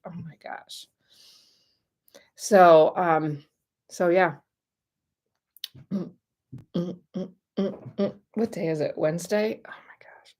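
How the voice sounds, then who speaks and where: A woman's voice: lowish voice, vocal fry. An American woman in her forties chatting casually to camera, bubbly and rambling with lots of fillers. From United States. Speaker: vlogger and relocation consultant.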